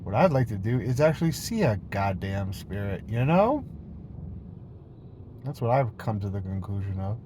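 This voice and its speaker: A man's voice: on the low side, very animated, moderate pace, dark tone, a little hiss or hum. A man rambling playfully in a casual monologue video, jumping between topics and swearing freely. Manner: playful, silly tone. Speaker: vlogger.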